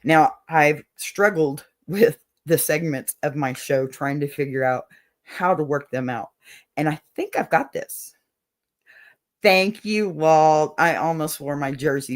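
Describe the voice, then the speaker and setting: Chatty Texan woman host. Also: deep voice. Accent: Southern US (Texas). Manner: chatty, laughs often, says y'all. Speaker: podcast host. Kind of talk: casual chat.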